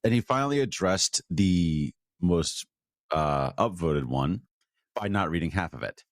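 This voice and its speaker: Brief: very deep male voice, indignant listener rant, dry close recording. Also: lively intonation, dry recording. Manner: fast, indignant, swearing. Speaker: listener sending a voice message. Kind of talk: heated rant.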